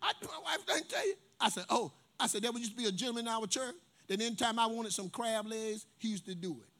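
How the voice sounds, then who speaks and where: A man's voice: very high voice, fast. A male pastor preaching a sermon, telling stories and calling on the congregation to respond. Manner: animated preacher, storytelling with call-and-response.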